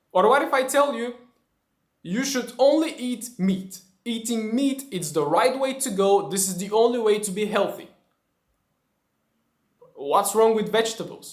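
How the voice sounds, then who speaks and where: Man, high voice, emphatic coaching talk, roomy echo. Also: a bit bright. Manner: emphatic, keeps asking "right?". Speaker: trading educator. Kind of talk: motivational talk to camera.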